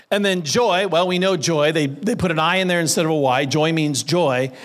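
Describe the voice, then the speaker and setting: A man's voice: high-pitched, fairly bright tone. A man preaching a sermon, reading scripture aloud and playing with words as he leads his congregation in call and response. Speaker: pastor.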